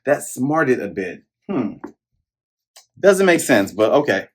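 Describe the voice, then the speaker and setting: A man reading out a calm, ruthless male pirate captain in a slow, flat, menacing tone. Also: mid-range voice, slightly rough, voice pushed down, heavily acted. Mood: cold.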